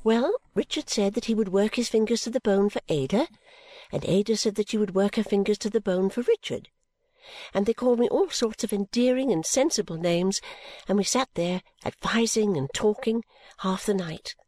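A woman reading a classic novel aloud as first-person narrator, in a gentle, measured storytelling manner. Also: mid-range voice, dry recording. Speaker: audiobook reader.

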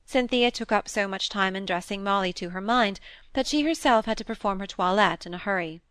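A woman narrating a classic novel in a measured, even storytelling manner. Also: medium pitch, clean tone, dry recording. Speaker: audiobook narrator.

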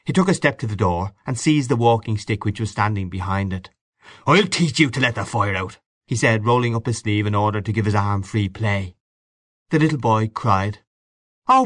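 A man reading a story aloud in a measured, expressive way. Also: lowish voice, no room sound, clean studio sound. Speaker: narrator. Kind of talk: audiobook reading.

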